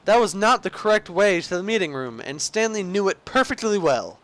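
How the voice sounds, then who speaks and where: Young guy with a high voice, rambling through his own let's play narration, keeps tripping over words. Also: expressive, brisk, a bit bright. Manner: goofy, rambling, with slips and restarts. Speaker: gamer narrating a game. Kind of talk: let's play commentary, reading the game's narration aloud.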